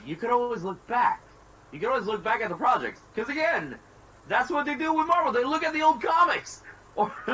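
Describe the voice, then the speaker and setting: A man's voice: high-pitched, pushed and bright, poor audio. A man hosting a casual voice-call chat about an anime, rambling and laughing often. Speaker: podcast host. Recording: voice call with faint noise.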